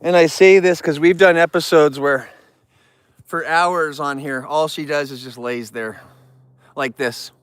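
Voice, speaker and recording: A man hosting a casual live stream among bears, talking in a relaxed, rambling way and thanking viewers in chat. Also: a little slow, smooth, no echo. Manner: cooing baby talk to the bears, squealing high. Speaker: livestream host with bears.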